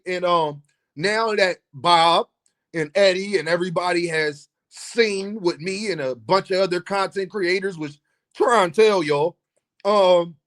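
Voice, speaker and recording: Host: Philly man, high voice, playful, teasing, chatty vlog delivery. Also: fairly bright tone. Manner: playful, teasing, laughs often, addresses viewers as y'all. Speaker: boxing commentary host. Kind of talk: casual vlog commentary.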